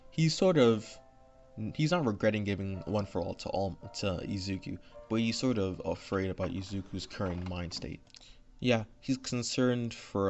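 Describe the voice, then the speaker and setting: A man's voice: fairly low pitch, a little mellow, highs cut off. Rambling man retelling a fan story. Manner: rambling, full of fillers and "right?" asides. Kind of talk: unscripted casual story retelling. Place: home room. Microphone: desk microphone.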